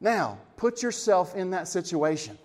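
A man preaching a sermon, swinging between lively emphasis and hushed, quiet moments, with chuckles between points. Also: sits high, a little slow. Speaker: pastor.

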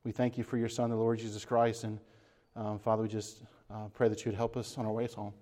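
Delivering a sermon in a flat, brisk manner, this pastor has a fairly low, dark-toned voice. He preaches earnestly and emphatically, repeats phrases, and finishes by leading a closing prayer.

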